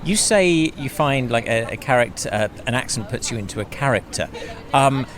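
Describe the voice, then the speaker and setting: A man's voice: mid-range voice, expressive, moderate pace, fairly bright tone. A man hosting a podcast, narrating between clips and asking friendly, curious questions. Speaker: podcast host.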